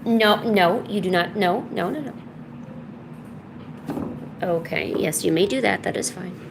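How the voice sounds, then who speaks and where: A woman's voice: mid-range voice, unhurried, vocal fry, background noise. A woman streaming while she draws, chatting casually and scolding her cat in a mock-stern way. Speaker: art streamer.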